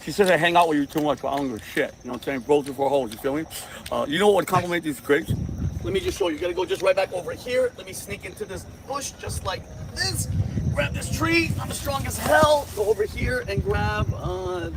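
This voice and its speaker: A man playing a goofy, excitable slacker husband in an outdoor comedy skit, talking in a brash, rambling way. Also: high-pitched, fairly quick, noisy background. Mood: boastful. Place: outdoors among trees.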